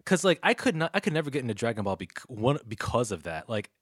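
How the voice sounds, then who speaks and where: A man's voice: medium pitch, very animated, fast. A man in his thirties hosting a podcast in a casual chat, laid-back and teasing, with lots of fillers. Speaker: podcast host.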